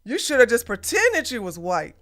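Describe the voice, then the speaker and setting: A woman's voice: fairly high pitch, wildly swooping pitch, normal speed, fairly bright tone. A woman hosting a casual political commentary livestream, blunt and ranting, with plenty of slang. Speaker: podcast host.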